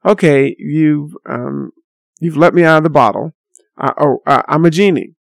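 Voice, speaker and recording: A surly, short-tempered male genie in a bowler hat, played by a man telling the story, who answers in clipped, matter-of-fact lines. His voice sits a little high and grates with gravel, dry and close. A grumpy spirit from a spoken tale. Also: animated, normal speed, no room sound. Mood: curt.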